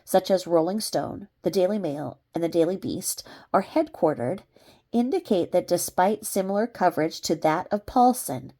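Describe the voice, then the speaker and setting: A woman with a fairly low, mellow voice reads a court filing aloud, including its legal citations. Now and then she breaks off with sarcastic asides and laughs.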